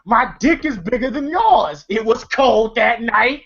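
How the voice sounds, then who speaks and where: A man's voice: very high-pitched, animated, measured pace, fairly bright tone, full character voice. Man quoting a cocky old uncle who trades insults, slangy, lo-fi audio. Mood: teasing. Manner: loose street-slang delivery. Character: feisty old uncle who teases and brags. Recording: slightly dull lo-fi audio.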